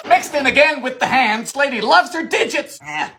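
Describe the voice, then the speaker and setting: A man hosts a comedic cooking show, reading recipe steps with a dry wit. His voice is bright and forceful, and it leaps around a very lively range, often jumping up into high, theatrical exclamations. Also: moderate pace, few pauses, slight background noise. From Bermuda. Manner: theatrical, wry asides, sudden swoops into high exclamations.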